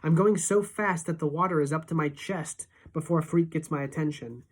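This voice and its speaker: A teacher reading a novel aloud in steady, expressive first-person narration. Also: female voice, low-pitched, moderate pace.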